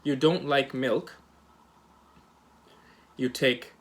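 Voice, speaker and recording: Male teacher, mid-pitched voice, casual recorded grammar lesson, lots of ums and restarts, demonstrates intonation on examples. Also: drawn-out words. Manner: relaxed, hesitant, many fillers and restarts; acts out example questions with rising and falling intonation. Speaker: English teacher.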